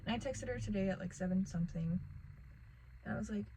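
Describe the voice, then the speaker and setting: A woman's voice: mid-range voice, fast talker, noisy background. A young woman telling a rambling casual storytime vlog to the camera, packed with "like" and fillers. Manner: rambling, filler-heavy, lots of "like".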